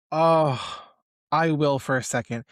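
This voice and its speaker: Excitable rambling podcast guy. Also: fairly high pitch, slow, no echo, clean studio sound. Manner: excitable, rambling, heavy use of "like". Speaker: podcast co-host. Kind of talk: casual chat.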